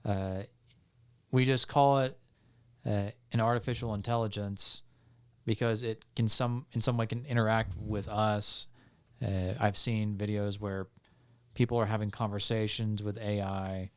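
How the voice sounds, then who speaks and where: A man, a podcast guest, calmly explaining legal points step by step with frequent fillers and restarts. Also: on the low side, measured pace, clean tone. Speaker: podcast guest on music law. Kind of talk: explanatory casual talk.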